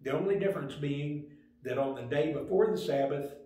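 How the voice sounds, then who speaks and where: Older male Sunday school teacher, slightly high pitch, easygoing storyteller, heavy room echo. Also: dark tone. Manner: plain, unhurried storytelling with small restarts. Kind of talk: Sunday school lesson talk. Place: church room. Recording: very echoey room.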